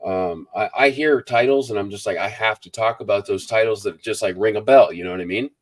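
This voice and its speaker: Host, male, low-pitched, rambling and friendly-casual, reads chat comments on a live stream. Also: a little fast. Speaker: book review channel host.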